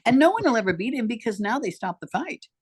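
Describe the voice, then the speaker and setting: A woman's voice: fairly high pitch, sing-song, quick pace, husky. An older woman, a podcast guest, recounting her life story in an emphatic, repetitive way. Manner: emphatic, repeats herself for weight. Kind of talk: personal storytelling in conversation.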